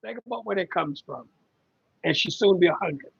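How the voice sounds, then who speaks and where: A man's voice: high voice, expressive, normal speed, vocal fry, fairly bright tone, slightly rough, no room sound, dull audio. A middle-aged man hosting a casual livestream about caregiving, rambling and conversational with lots of ums as he reads viewer comments.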